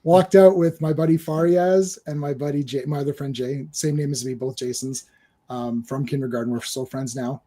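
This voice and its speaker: A man's voice: medium pitch, steady tone, moderate pace, dark tone. A man in his forties hosting a movie podcast who tells stories with lots of energy, acts out quotes, swears and often restarts his sentences. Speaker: podcast host. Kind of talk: casual storytelling on a movie podcast. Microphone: live-stream microphone.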